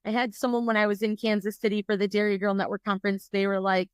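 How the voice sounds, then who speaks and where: A woman hosting a podcast interview, bubbly and talkative with quick asides. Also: medium pitch, level tone, clear, resonant tone, no room sound, studio quality. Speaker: podcast host.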